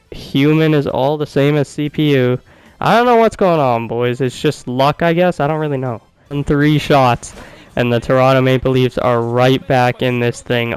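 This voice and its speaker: A man commentating his own video game as he plays, excitable and profane, swinging from quiet muttering to loud cheering. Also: mid-range voice, clear, resonant tone, no room sound, low-quality recording. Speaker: gaming YouTuber.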